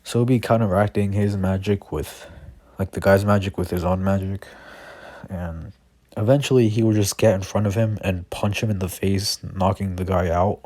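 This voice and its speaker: Deep flat-voiced man rambling a story. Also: moderate pace, no echo. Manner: rambling, constant "like" fillers and restarts. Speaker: fan storyteller. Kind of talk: improvised fan story narration.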